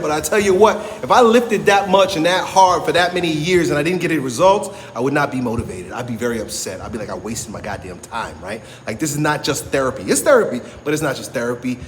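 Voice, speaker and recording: A man's voice: fairly high pitch, a little hiss or hum. Man, strength coach, casual motivational talk, blunt, emphatic, swears, keeps saying "right?", long reverb.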